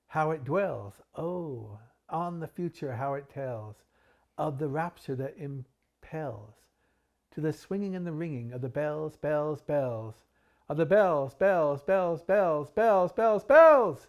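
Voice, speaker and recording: Man, host, poetry reading, dramatic swells on refrains, soft casual asides, medium pitch. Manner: builds volume and pitch on repeated refrains, drops low and soft for asides. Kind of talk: dramatic poetry reading with chatty intro and outro.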